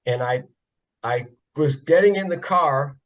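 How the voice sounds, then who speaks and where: On a podcast, a northeastern US man who used to work a pit crew tells laid-back stories, joking, laughing often, and describing himself as a funny guy. His voice is a little high and unhurried, recorded in slightly dull lo-fi sound.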